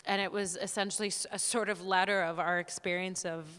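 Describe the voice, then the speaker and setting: A young adult woman, an actor on a panel, telling candid stories in a lively, frank, self-deprecating way. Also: fairly low pitch, brisk, clean tone. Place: theater hall at a live talk. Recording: long reverb of a hall.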